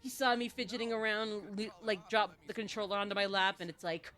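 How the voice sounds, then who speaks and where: A woman's voice: medium pitch, steady tone, a little fast, a bit bright. A woman streaming a video game in casual, playful chat, who slips into baby talk when she talks to her dog.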